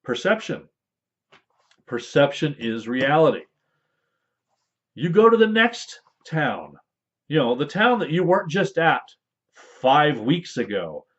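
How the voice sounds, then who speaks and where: A man explains tabletop game rules in loose, rambling casual talk with playful asides. His pitch rises and falls a lot. The recording sounds dull and lo-fi. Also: big pitch swings, slow, pauses often, a bit bright. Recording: dull lo-fi audio.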